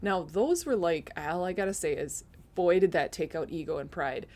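A middle-aged woman with a low voice gives an earnest faith testimony on her podcast. She sounds teary-eyed and emotional, and now and then she laughs at herself. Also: normal speed, a little mellow. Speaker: podcast host.

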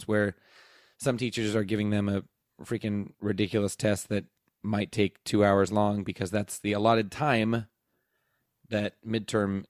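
A man's voice: lowish voice, dry recording, studio quality. A man who works as a teacher, casually telling a rambling story and acting out the dialogue, laughing as he goes. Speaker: teacher and podcast host.

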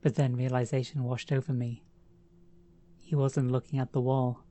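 Woman reading a creepy first-person story, dark mellow voice, slow and dramatic. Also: a bass voice, little pitch movement. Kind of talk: scripted horror narration.

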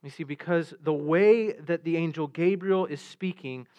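Man pastor giving a sermon, kinda high voice, muffled lo-fi audio. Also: normal speed. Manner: earnest, repeats words when restarting. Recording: dull lo-fi sound.

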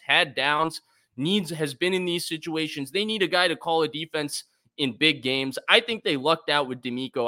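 A man's voice: fairly high pitch, bright, forceful tone. A man co-hosting a sports talk show, laying out his arguments point by point in an analytical way. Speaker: co-host, football analyst.

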